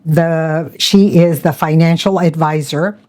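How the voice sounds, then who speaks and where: A woman's voice: sits low, steady tone, unhurried, darkish tone. An older woman, an interview guest, recounting how scammers called her, quoting their words and urging viewers to hang up. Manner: retells calls with quoted voices, emphatic warnings. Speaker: interview guest, scam victim. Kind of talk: animated storytelling.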